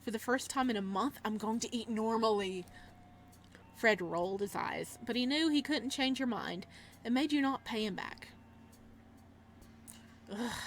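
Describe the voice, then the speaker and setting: A woman's voice: medium pitch, a little hiss or hum. A woman reading a horror visual novel aloud for her gaming channel, with dramatic narration and startled, swearing reactions. Her voice sits in a middle register.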